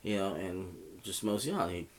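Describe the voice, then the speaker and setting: A man's voice: sits low, expressive, normal speed. A man telling a story in a casual, rambling way, swearing often and filling gaps with "you know.". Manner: profane, rambling, heavy with fillers. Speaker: vlogger.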